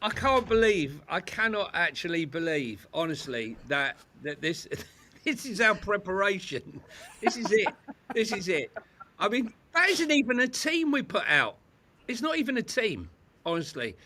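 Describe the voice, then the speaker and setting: A man's voice: high-pitched, big pitch swings, normal speed, sharp tone. A man co-hosting a football fan chat, incredulous and sarcastic, often laughing. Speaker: co-host. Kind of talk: casual chat.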